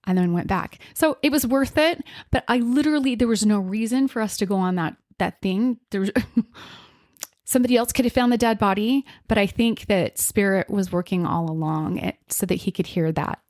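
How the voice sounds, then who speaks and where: Expressive woman telling a story on a podcast. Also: medium pitch, moderate pace, no echo, clean studio sound. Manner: expressive, acts out quotes, frequent fillers. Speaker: podcast host, medium. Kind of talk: storytelling in casual chat.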